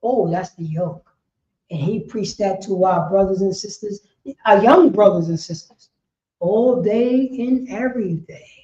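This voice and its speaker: A woman with a New York accent teaching a religious class in a loud, impassioned street style, shouting and swearing as she speaks. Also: medium pitch, measured pace. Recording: roomy, dull lo-fi stream audio.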